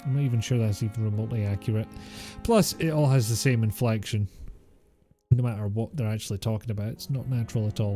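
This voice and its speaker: A man's voice: on the low side, steady tone, fast talker, dark tone, soft background music. A man streaming a game, chatty and wry in his asides. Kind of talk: let's play commentary.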